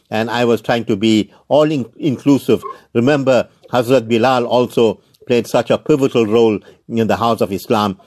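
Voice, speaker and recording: A man hosting a religious talk show, reading out a viewer's question in a polite, measured way with frequent fillers. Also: mid-range voice, darkish tone.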